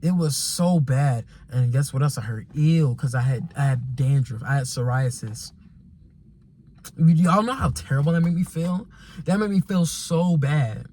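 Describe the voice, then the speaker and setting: Young man, casual slang, exasperated, repetitive, higher-pitched voice. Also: unhurried, a little mellow, slight background noise. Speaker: vlogger. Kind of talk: casual storytime monologue.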